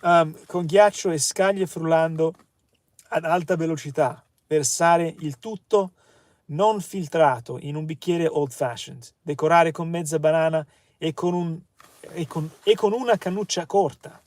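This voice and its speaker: Guy reading cocktail recipes off a book, lotsa ums and restarts, kinda high voice, dry close mic. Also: a little mellow, dry recording. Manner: reads recipes haltingly, with fillers and self-corrections; slows to sound out Italian words. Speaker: comedy channel host.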